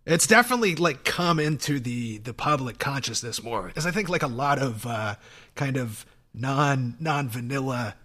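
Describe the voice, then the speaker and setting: A man's voice: medium pitch, expressive, normal speed, sharp tone. A man co-hosting a podcast, talking in a loose, laughing, profane way with lots of restarts. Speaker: podcast co-host. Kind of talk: casual chat.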